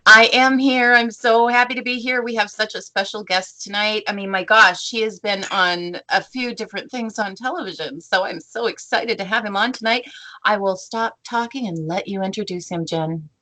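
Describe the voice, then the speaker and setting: A woman's voice: mid-range voice, normal speed, bright, forceful tone. Bubbly Upper Midwest woman co-host. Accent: Upper Midwest American. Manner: bubbly and rambling storyteller. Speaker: radio show co-host. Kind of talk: casual radio talk show.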